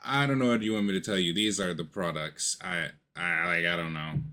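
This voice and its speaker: A man briefly voicing a busy woman shopkeeper, rushed and dismissive. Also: low voice, fairly even intonation, bright, forceful tone, voice pushed down. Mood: brusque.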